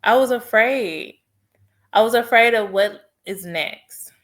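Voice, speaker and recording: A woman's voice: fairly high pitch, takes it slowly, a bit bright. A woman podcast host telling a personal story in an earnest, heartfelt way and offering faith-based encouragement. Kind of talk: personal testimony monologue.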